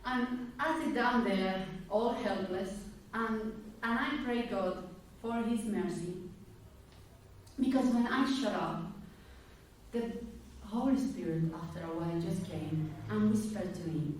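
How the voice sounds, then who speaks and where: In an echoey church hall, heard from a distant mic, a woman gives a personal testimony sermon in a medium-pitched, slightly slow, slightly mellow voice. She tells it candidly, acting out the voices of people she quotes, with a little background noise.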